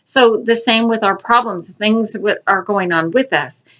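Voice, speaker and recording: A woman's voice: mid-range voice, measured pace, a bit bright, highs cut off. Woman teaching an informal Bible lesson. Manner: informal, repeats and restarts words.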